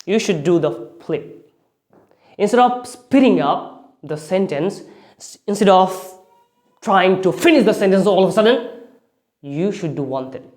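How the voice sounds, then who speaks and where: Man, high voice, english speaking tips, repeats phrases, stresses key words. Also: lively intonation, unhurried, pauses often, a little mellow. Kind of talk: spoken English lesson.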